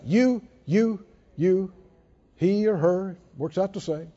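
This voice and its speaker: Emphatic preacher in a reverberant hall. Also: male voice, sits high, big pitch swings, takes it slowly, pauses often, dark tone. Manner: emphatic, repeats and stresses words, rises and drops sharply. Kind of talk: sermon. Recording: dull lo-fi recording in a reverberant hall.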